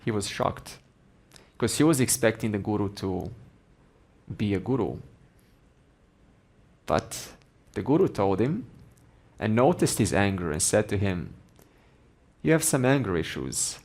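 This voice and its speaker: A man teaching Vedanta, telling a story in a measured, gently emphatic way. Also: lowish voice, big pitch swings. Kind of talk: storytelling in a spiritual lesson.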